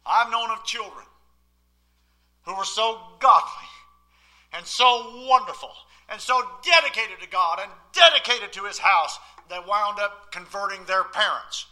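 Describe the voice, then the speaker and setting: Pastor guy preaching, sharp piercing voice, gets loud then drops quiet. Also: high voice, measured pace. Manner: emphatic, swings from loud outbursts to quiet asides. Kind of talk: sermon. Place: church, at the pulpit.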